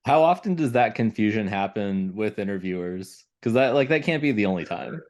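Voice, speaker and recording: A man hosting a podcast, asking questions in relaxed, casual chat and laughing along with his guest. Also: on the low side, a little fast. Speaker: podcast host.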